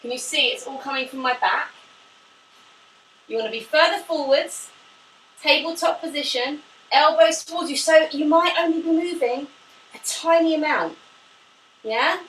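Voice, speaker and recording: Teaching pilates in a live online class, a woman with a high, slightly bright voice talks at a moderate pace with long pauses while demonstrating the moves. She stays upbeat and laughs often, though she's a little winded from the exercise. The audio has an echoey room, a distant mic, and faint hiss.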